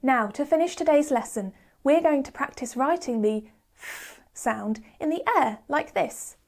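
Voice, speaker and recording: A woman teaching a children's phonics lesson in a slow, encouraging, sing-song teacher voice. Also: high-pitched, lively intonation.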